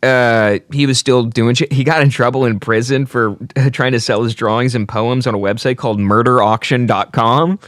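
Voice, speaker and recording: A man's voice: mid-range voice, fairly even intonation, moderate pace, few pauses, a bit bright, dry recording, clean studio sound. A man co-hosting a podcast who tells a true-crime story casually, with profane and joking slang. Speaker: podcast co-host.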